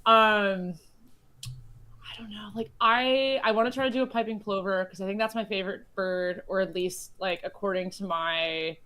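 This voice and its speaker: A woman's voice: mid-range voice, steady tone, normal speed, bright, forceful tone, clean tone. A woman from Chicago, a guest in a casual chat, telling long rambling stories with lots of fillers and restarts. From United States (Chicago). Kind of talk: casual chat while playing a board game.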